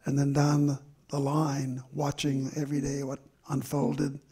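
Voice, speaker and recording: Older man, memoir author, very raspy voice, gravelly, reflective, slow storytelling with pauses, live talk on stage. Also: mid-range voice, completely flat delivery, warm tone. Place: stage event before an audience.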